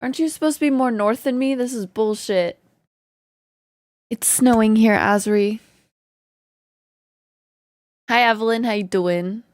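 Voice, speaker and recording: A woman streamer chatting casually with her viewers, greeting them and laughing often, her voice slightly hoarse. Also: on the high side, fairly quick, dry recording, studio quality. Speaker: live streamer. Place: home in Canada.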